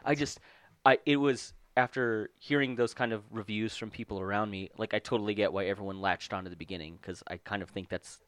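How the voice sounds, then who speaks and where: A man's voice: fairly low pitch, fairly even intonation, a little fast, smooth, dry recording. A man talking casually about a movie, rambling with lots of fillers.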